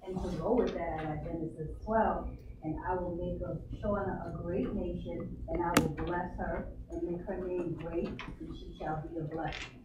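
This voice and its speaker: Low-voiced woman reading verses steadily, heard distant in a very echoey room. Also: steady tone, normal speed. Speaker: congregation member. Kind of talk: reading scripture aloud. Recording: distant, very echoey, muffled, noisy.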